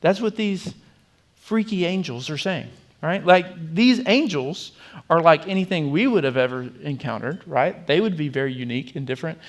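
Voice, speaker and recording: A man's voice: on the high side, expressive, normal speed. A man preaching a sermon as pastor, in a conversational way with frequent fillers and restarts. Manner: conversational, with fillers and repeated words. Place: church.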